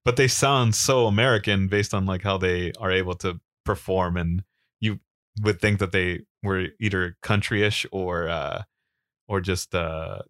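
Relaxed low-voiced man recapping wrestling. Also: no echo, studio quality. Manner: easygoing, rambling with fillers, quick laughs. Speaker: podcast co-host. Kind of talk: casual chat and wrestling recap.

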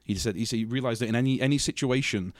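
A man's voice: mid-range voice, fast talker, no room sound, studio quality. A man co-hosting a podcast, chatting casually and telling a rambling story with self-deprecating jokes. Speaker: podcast co-host. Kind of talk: casual chat.

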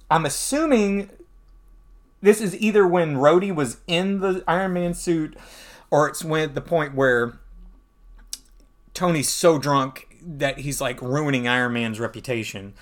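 A man's voice: on the high side, unhurried. A man hosting a podcast who recaps a comic book in a chatty, snarky way. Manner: chatty, snarky, animated retelling. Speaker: podcast host.

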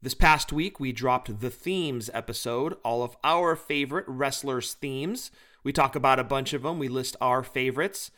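A man's voice: mid-range voice, moderate pace, sharp tone. A man co-hosting a podcast, chatting casually and doing enthusiastic, joking plugs for other shows. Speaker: podcast co-host.

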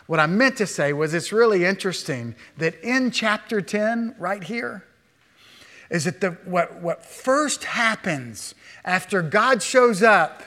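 A man preaching a sermon as a pastor, animated, with rhetorical questions to the congregation and quick asides acting out imagined speakers. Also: high-pitched. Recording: long hall reverb.

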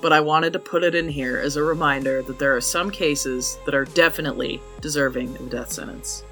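A man's voice: a little high, steady tone, a little fast, pushed and bright, faint music behind. Profane, blunt man narrating true crime. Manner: blunt and profane, openly angry. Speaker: true crime podcast host.

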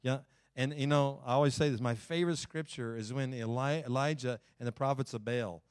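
Animated man preaching with dry sound. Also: mid-range voice, a little fast, clean tone, dry recording. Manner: folksy, talks to the congregation directly. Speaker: pastor. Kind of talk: sermon.

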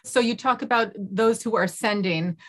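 A woman leads an interview, pressing her guest with probing questions. She often restarts her sentences while she looks for the right word, and her voice sits at an ordinary middle pitch. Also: moderate pace, fairly bright tone. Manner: probing, searching for words.

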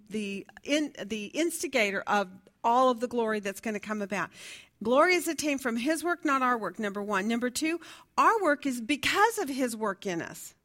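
A woman's voice: a little high, fairly bright tone. A woman teaching a Bible study class in a conversational way, asking her listeners questions and reading from her notes. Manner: fumbles with notes, laughs at herself.

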